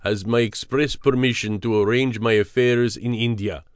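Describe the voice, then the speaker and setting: A man's voice: medium pitch, fairly even intonation, normal speed, dry recording, clean studio sound, natural voice. A man voicing a formal, polite Indian assistant in an audiobook, speaking courteously.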